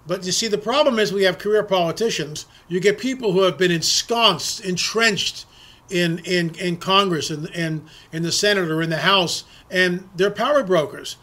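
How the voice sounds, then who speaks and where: Emphatic high-pitched male political commentator. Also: normal speed, bright, forceful tone. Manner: emphatic, repeats words when pressing a point. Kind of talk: opinionated political monologue.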